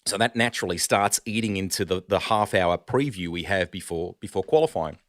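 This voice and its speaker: A middle-aged Australian man telling animated stories in a casual podcast chat, calling the host "mate" a lot. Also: low-pitched, brisk, dry recording, clean studio sound. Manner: animated storyteller, says "mate" often. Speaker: sports broadcaster, guest.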